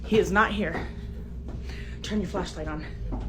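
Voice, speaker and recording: Indoors at home, a scared middle-aged woman records her house on her phone, alternating whispers with exclamations. She speaks a little slowly in a mid-range voice, and the phone-camera audio is noisy.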